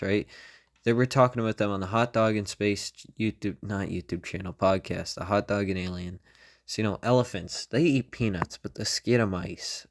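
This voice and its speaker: Rambling young male podcast host. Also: on the low side. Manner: meandering, constant "right?" and "you know?" tags. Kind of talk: rambling comedic podcast monologue.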